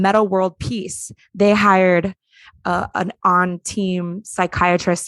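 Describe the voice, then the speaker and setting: A woman's voice: lowish voice, no echo. A woman hosting a casual podcast chat, reading out list items and talking loosely with lots of "like". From Hawaii. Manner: chatty, reads list items aloud, frequent "like". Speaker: podcast host.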